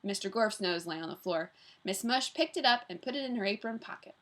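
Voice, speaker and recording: A woman, a teacher, reads a chapter book aloud to her class with expressive storytelling. Her voice sits at a middle pitch. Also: brisk. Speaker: teacher reading aloud to students. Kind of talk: children's book read-aloud.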